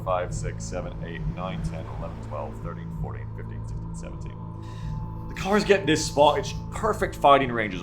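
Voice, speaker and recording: Male streamer, low and animated, casual and a bit sweary, desk mic over game music. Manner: thinks aloud, counts tiles under his breath, swears casually. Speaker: streamer playing a strategy game. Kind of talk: casual live-stream commentary. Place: home room. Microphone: desk mic with headphones.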